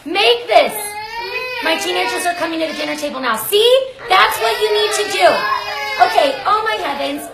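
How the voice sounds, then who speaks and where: A woman's voice: very high-pitched, expressive, normal speed, vocal fry, very noisy. A woman hosting a live cooking demonstration from her home kitchen, chatty and effusive, often breaking off mid-sentence. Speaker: cooking show host. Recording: echoey kitchen. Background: baby crying.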